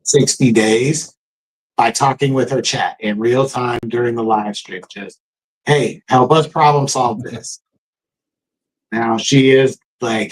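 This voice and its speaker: Middle-aged guy chatting easy on a live stream, medium voice, gives shout-outs. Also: mid-range voice, steady tone, slow pace, low-quality recording. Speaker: live show co-host. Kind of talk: casual live-stream chat.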